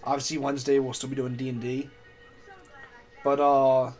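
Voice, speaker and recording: A man's voice: mid-range voice, level tone, moderate pace, pauses often, darkish tone, faint music behind. A man running a tabletop game as game master on a live stream. He restarts his sentences often and makes self-mocking jokes.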